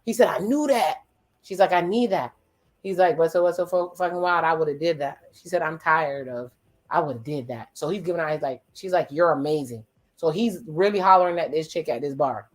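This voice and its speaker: Speaking at a medium pitch, a casual watch-along host reacts to the screen and talks back at it. Swear words flow freely alongside wry exclamations, and the host slips into brief quoted voices to retell what the people on screen are saying.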